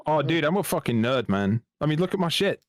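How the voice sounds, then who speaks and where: A man's voice: a little high, very animated, a little fast, dry recording, studio quality. A man, a podcast guest, telling sweary, self-mocking army stories in casual chat.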